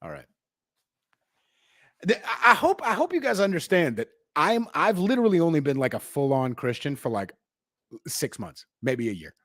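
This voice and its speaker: Brash young male livestream host, profane and slangy, bursts loud then drops low, very animated delivery. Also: moderate pace, long pauses, no echo, studio quality. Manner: jumps between shouting and low asides. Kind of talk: unscripted livestream rant.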